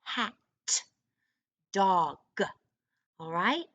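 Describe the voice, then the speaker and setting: A woman teaching an online first grade reading lesson, encouraging young children and sounding out words slowly. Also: medium pitch, sing-song, fairly bright tone, lo-fi sound.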